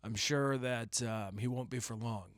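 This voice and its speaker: Casting: young man, mid-pitch voice, solo podcast host, rambling jokey storyteller, dry close mic. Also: unhurried, no room sound. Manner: rambling, jokey storytelling with sudden loud yelps. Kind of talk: casual solo podcast rant.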